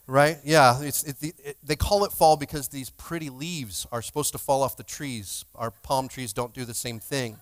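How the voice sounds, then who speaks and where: A man's voice: medium pitch, moderate pace, hardly any pauses. A man, the lead pastor, joking playfully with his congregation while opening a church service. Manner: playful, jokey, energetic crowd banter.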